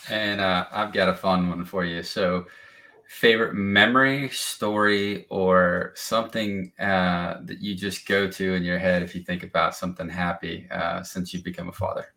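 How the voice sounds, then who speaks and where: A podcast host with a very low, even voice and a bright, sharp edge to it. He asks his question slowly, pausing between phrases. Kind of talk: interview questions.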